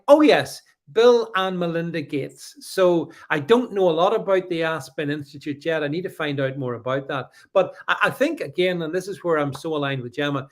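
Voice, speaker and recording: A man co-hosts a casual podcast, his voice pitched a little high. He talks in a halting, animated way, full of restarts, as he reads out viewer comments. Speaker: podcast co-host. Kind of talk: casual political chat reading live comments.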